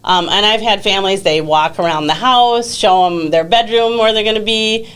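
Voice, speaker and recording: A woman's voice: medium pitch, moderate pace, smooth. A woman who coordinates exchange students, chatting casually as a podcast guest with frequent fillers. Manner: relaxed, chatty, many fillers.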